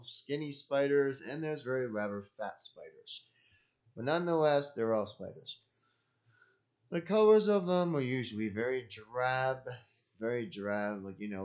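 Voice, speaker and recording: Slow-talking, rambling male host. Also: mid-range voice, a little mellow. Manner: repetitive, jokey, digressive. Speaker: channel host. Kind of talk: casual rambling solo talk.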